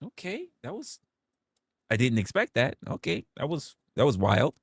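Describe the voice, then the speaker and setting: A young man on a livestream, telling a story to his viewers in a casual, profane, animated way and acting out quotes. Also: medium pitch, normal speed, breathy edge, dry recording, studio quality. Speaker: livestream host.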